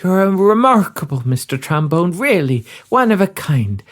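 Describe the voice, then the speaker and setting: A man's voice: medium pitch, wildly swooping pitch, moderate pace, a little mellow. Guy doing a gushing gangster's widow, accent all over the place. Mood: coy. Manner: wandering put-on accent, breathy and coy. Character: grieving female mobster's widow.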